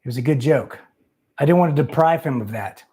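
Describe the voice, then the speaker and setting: A man's voice: mid-range voice, animated, fairly quick, dark tone. A man hosting a live call-in show, loose and rambling, laughing easily with callers. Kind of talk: casual chat.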